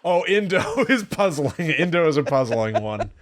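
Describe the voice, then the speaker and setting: A man's voice: a little high, moderate pace. A man in his thirties co-hosting a podcast, chatting casually and mimicking voices as he retells family stories. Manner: animated storyteller, mimics voices while retelling. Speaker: podcast co-host. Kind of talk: casual chat.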